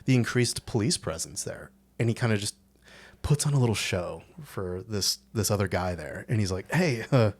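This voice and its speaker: A man's voice: on the low side, moderate pace. A man co-hosting a podcast, chatting casually about a film, acting out characters' lines in raised voices and laughing often. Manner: animated, acts out quotes in raised voices. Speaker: podcast co-host.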